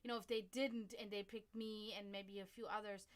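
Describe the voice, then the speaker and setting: A woman's voice: mid-range voice, little pitch movement, fairly quick. A woman from Germany hosting a livestream, telling a rambling story in casual chat, swearing freely and breaking off to greet viewers. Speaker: livestream host.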